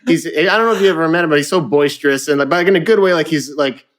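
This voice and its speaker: Young man, lively storyteller, laughs and swears casually, guest musician. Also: on the high side, very fast, noisy background. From Canada. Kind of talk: casual interview chat.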